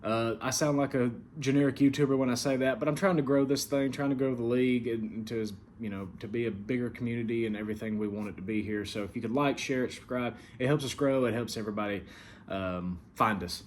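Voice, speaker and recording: Speaking fast at a medium pitch, the league's commissioner runs a casual weekly recap in a country Southern accent. He's relaxed and loaded with fillers but grows stern about the rules, and there's slight background noise.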